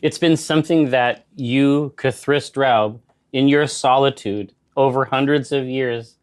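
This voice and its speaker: A man's voice: medium pitch, fairly even intonation, a little slow, clear, resonant tone. A man playing a tabletop game, explaining things in a wordy, elaborate way. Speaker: player. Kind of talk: casual tabletop game chat.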